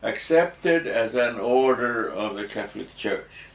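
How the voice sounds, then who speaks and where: A man answering interview questions slowly and hesitantly, with frequent ums and restarts. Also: medium pitch, lively intonation, creaky. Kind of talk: halting explanatory interview answers. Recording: echoey room, distant mic, faint noise.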